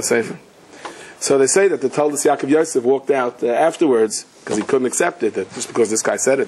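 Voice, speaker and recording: A middle-aged man, a rabbi, giving an animated Torah class full of stories and Hebrew and Yiddish terms. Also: mid-range voice, breathy edge. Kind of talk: Torah class storytelling sermon.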